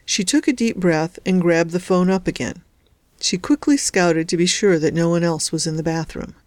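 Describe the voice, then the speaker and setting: A woman narrates a story in a steady, even voice that sits on the low side. The recording is close and dry, with no room sound. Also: moderate pace, dry recording. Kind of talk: audiobook narration.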